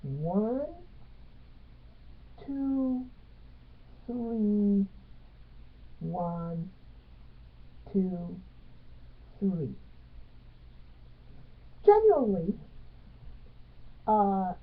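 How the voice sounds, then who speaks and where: A woman teaching a music theory lesson, speaking in halting phrases and counting beats aloud with stress on the accented ones. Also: medium pitch, very animated. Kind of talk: piano music theory tutorial. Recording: tinny phone-like sound.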